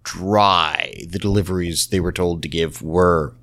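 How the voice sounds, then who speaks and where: A man hosting a podcast, casually recapping a convention panel in an animated storytelling way. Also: sits low, a little slow. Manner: animated storytelling, acts out quotes. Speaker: podcast host.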